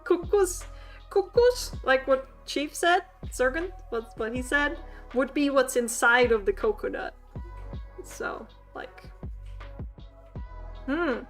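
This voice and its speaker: High, bright woman teaching. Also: faint music behind. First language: Swedish. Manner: chatty and giggly, quick to laugh at her own jokes. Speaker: VTuber language teacher. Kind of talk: casual streamed language lesson.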